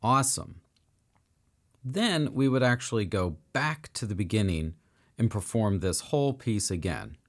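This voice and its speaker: A man's voice: fairly low pitch, lively intonation, a little slow. Upbeat male piano teacher for kids. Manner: upbeat, encouraging, counts and sings along. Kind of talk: children's music lesson.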